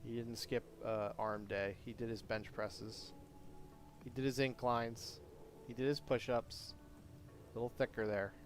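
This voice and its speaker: A man's voice: medium pitch, flat delivery, measured pace, faint music behind. A man chatting casually to his viewers on a live stream, rambling and self-deprecating with a jokey manner.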